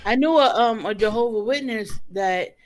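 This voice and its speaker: A co-host chatting casually on a livestream, telling personal stories in a relaxed way. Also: mid-range voice, moderate pace, a little hiss or hum.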